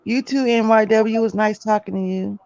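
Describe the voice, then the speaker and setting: A person chatting casually on a livestream, relaxed and chuckling between remarks. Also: mid-range voice, a little fast, vocal fry, dry recording, highs cut off. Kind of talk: casual chat.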